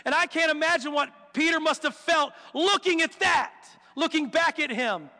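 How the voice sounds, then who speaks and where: A man preaching a sermon, telling the story with animated, acted-out quotes and rhetorical questions. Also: very high voice, normal speed. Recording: long hall reverb.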